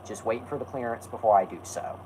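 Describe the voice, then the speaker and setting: A man's voice: medium pitch, fast talker, a little mellow, slight background noise, rough recording. A man hosting a live stream, talking casually and rambling, correcting himself and snapping back at his chat.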